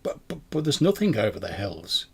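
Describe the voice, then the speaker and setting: A man's voice: on the low side, very animated, vocal fry, crowd noise. A man voicing a nervous male villager who stammers and halts over his words. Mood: wary. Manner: stammering, halting.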